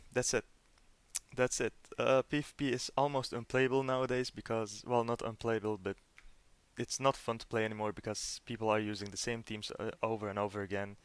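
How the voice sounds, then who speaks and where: A man's voice: on the low side, clear, resonant tone, dry recording. Rambling young man with a dry sound. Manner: rambling, repeats "right?" and restarts often; earnest, disappointed fan. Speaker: gaming video host. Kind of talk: casual gaming commentary.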